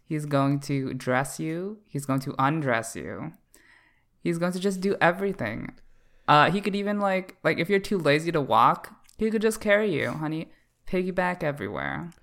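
A man's voice: on the high side, animated, moderate pace, gravelly, a bit bright. A man from Canada in a casual comedic podcast chat, talking in a playful, campy, teasing way. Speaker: podcast co-host.

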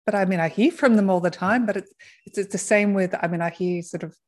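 A woman hosting an interview, asking gentle questions and encouraging her guest. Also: medium pitch, fast. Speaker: interview host. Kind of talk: casual interview.

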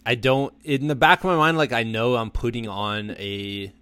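A young man hosting a podcast in casual, self-deprecating chat that comes in quick bursts. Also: mid-range voice, fairly even intonation, fairly bright tone, clean tone, dry recording. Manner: laid-back, self-deprecating, talks in bursts. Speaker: podcast host.

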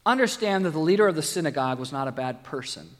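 A man's voice: fairly high pitch, animated, fast, in a large hall. A man preaching a sermon as pastor, reading scripture dramatically and adding light jokes.

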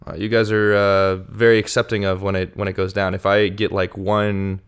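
A man's voice: fairly low pitch, level tone, normal speed, clean tone. A man hosting a podcast, interviewing guests in an upbeat, casual way. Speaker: podcast host.

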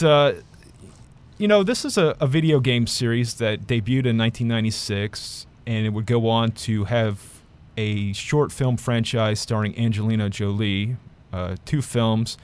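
A man's voice: medium pitch, a little slow, darkish tone, clear, resonant tone. A man reviewing films in a casual chat, rambling with many fillers and restarts. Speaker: film critic.

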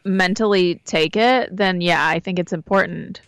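A woman's voice: on the low side, normal speed, a bit bright, clear, resonant tone, dry recording. A woman co-hosting a casual podcast, chatting and reading a listener's letter aloud with small asides. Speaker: podcast co-host.

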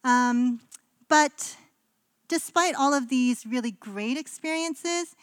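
A woman's voice: high-pitched, slow, clear, resonant tone, no room sound. A woman pastor from Canada giving a conversational sermon in a casual, chatty way, with frequent ums and likes.

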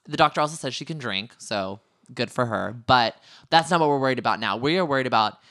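A man's voice: mid-range voice, lively intonation, gravelly, pushed and bright, no echo, clean studio sound. A man co-hosting a podcast, recapping a reality show in a chatty, joking way. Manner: joking, chatty, quick asides. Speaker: podcast co-host. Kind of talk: casual reality TV recap chat.

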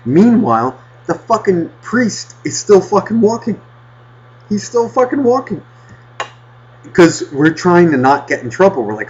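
A man casually telling a rambling childhood story on a podcast, swearing constantly and getting animated. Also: sits high, unhurried. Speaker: podcast host. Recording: dull lo-fi podcast audio.

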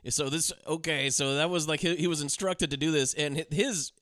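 A man's voice: a little high, fairly even intonation, brisk, a bit bright, no echo. A man co-hosting a movie podcast, joking and quoting people in casual chat. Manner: jokey, quotes people in put-on voices. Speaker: podcast co-host.

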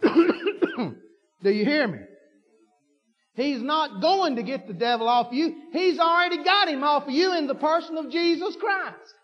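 A man preaching a sermon, folksy and fervent, repeating himself and building to shouts. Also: extremely high pitch, animated, a little slow. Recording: dull lo-fi recording with long hall reverb.

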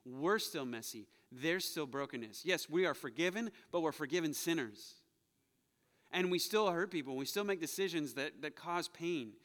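A man's voice: on the high side, animated, moderate pace, a bit bright. A man preaching a sermon as pastor, earnest and confessional, repeating phrases for emphasis, then leading the church in prayer. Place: church sanctuary. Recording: long hall reverb.

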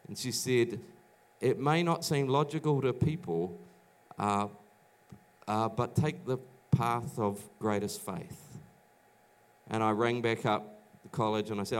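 This middle-aged New Zealander has a clear, resonant voice of medium pitch and an unhurried pace. As a pastor in a church auditorium, he preaches a sermon of personal testimony, telling stories chattily, restarting frequently and voicing the people he quotes.

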